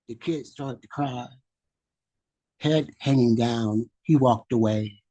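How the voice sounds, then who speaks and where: A man reading his own poetry at a measured, dramatic pace over a video call. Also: medium pitch, a little mellow, poor audio. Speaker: featured poet.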